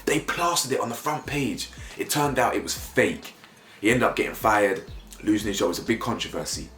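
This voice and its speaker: A young man with giving opinionated vlog commentary, getting worked up so his voice leaps high when he is indignant. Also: expressive, brisk, fairly bright tone. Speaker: YouTube commentator. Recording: roomy echo, faint music behind.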